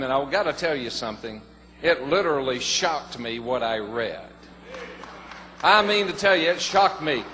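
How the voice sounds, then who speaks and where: An older man with a drawl gives an earnest, folksy testimony, his bright, forceful voice sitting a little high for a man. It rings out with a long reverb in a large hall, with a faint hiss underneath. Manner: folksy, earnest, rising to excited emphasis. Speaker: former pastor giving a testimony. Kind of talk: storytelling testimony to a congregation.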